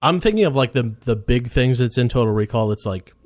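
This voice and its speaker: A man's voice: mid-range voice, lively intonation, a little fast, darkish tone, no echo. Laid-back swearing podcast co-host man. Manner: laid-back, swears freely, laughs often. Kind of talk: casual chat.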